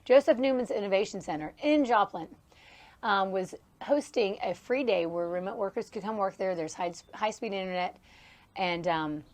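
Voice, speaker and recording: A woman's voice: mid-range voice, moderate pace, darkish tone. A woman in her thirties hosting a casual podcast, telling rambling stories with frequent laughter, recorded outdoors on a farm. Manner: chatty, laughs often, rambling asides. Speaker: podcast host. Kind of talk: casual solo podcast storytelling. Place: outdoors near a horse trailer on a farm.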